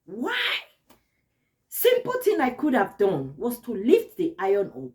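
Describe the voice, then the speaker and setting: A woman vlogger telling a personal story to camera in an expressive, earnest, emotional way. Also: on the high side, measured pace.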